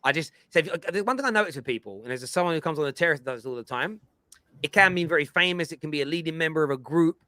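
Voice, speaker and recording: Bright, emphatic man. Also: on the high side, racing, no room sound. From England. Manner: emphatic, lecturing, animated. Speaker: football fan show host. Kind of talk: casual football chat.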